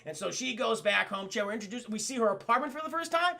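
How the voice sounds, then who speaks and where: A young man streams a cartoon review, swearing freely and talking to his chat in an excitable way. His voice sits fairly high and has a gravelly fry. The tone is bright and pushed. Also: fast talker. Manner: profane, excitable, addresses chat constantly. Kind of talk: casual streamed episode review.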